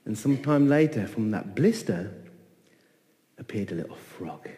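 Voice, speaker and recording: A man telling a folk tale in an animated way, repeating phrases and voicing the characters. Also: on the low side, unhurried, big-room sound. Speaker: storyteller. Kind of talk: oral folk-tale storytelling.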